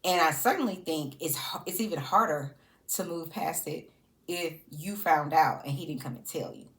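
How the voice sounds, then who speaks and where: A woman's voice: low voice, moderate pace. A woman giving casual, sassy reality TV commentary. She laughs often and talks to her subjects directly.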